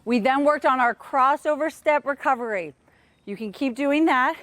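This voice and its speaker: Energetic woman coach, high voice, counts drills aloud for kids, a bit winded. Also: normal speed, no echo. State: out of breath. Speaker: tennis coach. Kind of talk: live online kids' workout lesson.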